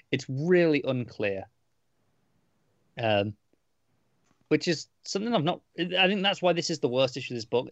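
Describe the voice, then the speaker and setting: A man's voice: mid-range voice, dry recording, highs cut off. A man co-hosting a casual podcast, reviewing a comic book in a rambling, hesitant way with many restarts.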